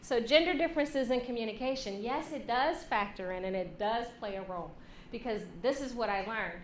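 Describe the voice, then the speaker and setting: A woman giving a lively workshop talk to a women's leadership class, joking and acting out quoted voices. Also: fairly high pitch, a little fast. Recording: echoey room, faint hum.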